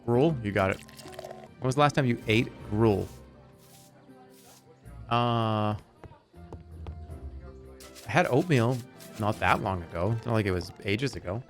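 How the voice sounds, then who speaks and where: A man's voice: lowish voice, expressive, unhurried, long pauses, soft background music. A middle-aged man streaming a game, joking and swearing casually as he plays. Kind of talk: casual gameplay commentary.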